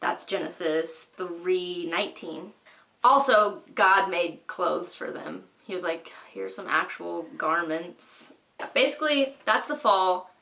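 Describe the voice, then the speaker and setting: A woman's voice: lowish voice, expressive, slow, vocal fry, pushed and bright. A young woman hosting a Bible study, retelling the story in a breezy, slangy way full of "like". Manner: breezy, slangy, heavy use of "like".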